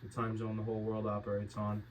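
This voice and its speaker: Casual New sports podcast host. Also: male voice, lowish voice, fast talker, distant mic, a little hiss or hum, poor audio. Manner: loud hyped intro, then relaxed mumbling talk. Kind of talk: casual sports betting chat.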